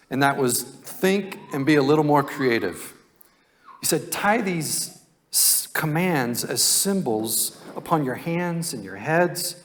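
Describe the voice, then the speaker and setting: A male pastor preaching a sermon in a conversational, folksy storytelling way. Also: medium pitch.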